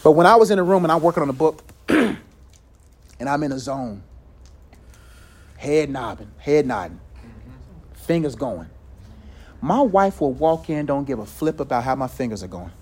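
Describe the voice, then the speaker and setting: A man with a high-pitched voice leads a relaxed faith talk with a group. He tells stories in a lively, loose way, often saying "like". He acts out little voices in quotes and laughs freely. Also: normal speed, pauses often, breathy edge. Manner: loose conversational phrasing with many "like"s.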